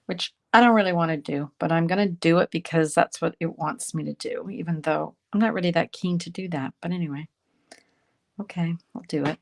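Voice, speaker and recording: A woman's voice: fairly low pitch, a little fast, creaky. A woman from Canada chatting casually with viewers while making cards, talking to herself as she works and poking fun at her own slips. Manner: chatty, self-deprecating, talks to viewers while working. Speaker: card-making instructor. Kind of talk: casual crafting tutorial.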